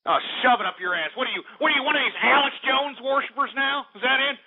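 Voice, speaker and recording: A man's voice: very high voice, quick pace, slightly rough. A man playing an angry, swearing host of a comedic call-in radio show who insults every caller. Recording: tinny phone-like audio.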